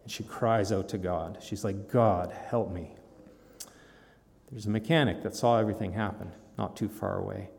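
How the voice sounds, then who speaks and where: A pastor speaks to his congregation in a low, gravelly voice. He prays, then retells a story in a loose, conversational way. His words ring out with a long reverb through the church hall. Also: steady tone, brisk, hardly any pauses, darkish tone. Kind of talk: sermon with prayer and story.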